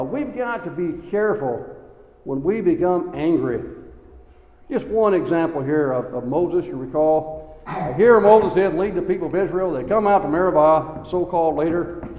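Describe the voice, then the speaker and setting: A man's voice: high voice, highs cut off. Echoey male preacher in a hall. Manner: acts out Bible figures in quoted voices, folksy asides. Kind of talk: sermon. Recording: echoey hall with long reverb.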